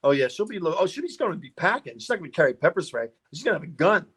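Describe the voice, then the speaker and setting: A man's voice: a little high, very animated, very fast, fairly bright tone, husky. A middle-aged man, a guest on a car podcast, telling rambling stories in a casual interview, laughing often and restarting his sentences.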